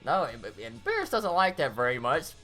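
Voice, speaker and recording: A woman casually reviewing a cartoon episode, rambling through the plot. Her voice sits low yet swings widely in pitch, with a bright, forceful edge. Faint music plays behind her. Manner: rambling, animated recap with quick acted-out quotes.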